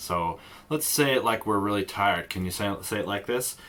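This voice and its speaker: Playful male kids' music teacher, lowish voice that swoops up and down. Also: expressive, moderate pace, pushed and bright. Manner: playful, sings and demonstrates voice sounds. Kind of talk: online kids' music lesson.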